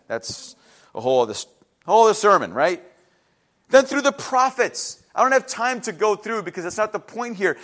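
A male pastor with a high voice, delivering a lively sermon. He talks animatedly and slips into acted-out voices for the people in his stories. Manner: animated, acts out biblical voices in quick asides.

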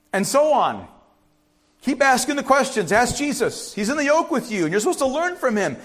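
A middle-aged man preaching a sermon as pastor, urging loudly one moment and dropping to quiet asides the next. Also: high voice, moderate pace. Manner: animated, swings from loud urging to quiet asides.

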